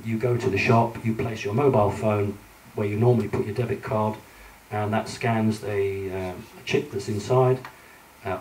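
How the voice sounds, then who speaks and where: A man's voice: mid-range voice, a little mellow. A man giving a talk with slides to a live audience, speaking conversationally and directly to them, with frequent ums and restarts. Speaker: public speaker lecturing with slides. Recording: roomy hall, voice from a distance.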